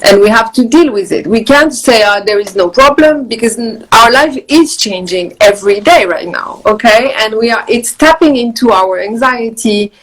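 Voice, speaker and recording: A woman's voice: fairly high pitch, lively intonation, moderate pace, few pauses, poor audio. Woman, French accent, earnest, flowing speech, video call. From France. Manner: earnest, flowing, repeats words. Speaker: guest, wellness author. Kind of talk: casual video chat on meditation. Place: countryside home.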